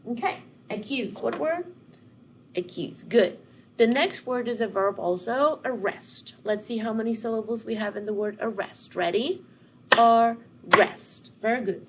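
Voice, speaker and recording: Patient woman teacher, gravelly tone. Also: mid-range voice, background noise. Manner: patient, drawn-out word modeling with call-and-response prompts. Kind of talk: recorded phonics lesson.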